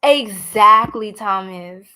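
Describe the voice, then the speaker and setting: A woman with a New York accent giving a blunt, animated live tarot reading, talking straight to her viewers. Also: medium pitch, slow pace, clean tone. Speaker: tarot reader.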